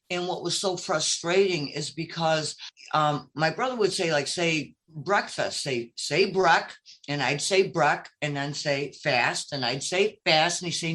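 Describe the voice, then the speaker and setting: A guest with a Brooklyn accent tells a long personal story in casual conversation. The talk rambles and is full of ums and restarts. The pitch sits in the middle range. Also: unhurried, fairly bright tone, rough recording. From upstate New York. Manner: rambling storyteller, many fillers. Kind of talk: casual chat.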